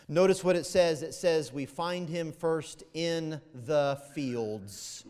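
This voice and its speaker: Middle-aged male pastor, fairly high voice, animated sermon delivery, reverberant church hall. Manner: animated storytelling, rises to loud emphatic peaks then drops low.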